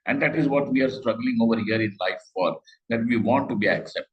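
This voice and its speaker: In a scripture class, a middle-aged Vedanta teacher talks conversationally, posing rhetorical questions and quoting Sanskrit slowly. His voice is mid-range and the audio is dull.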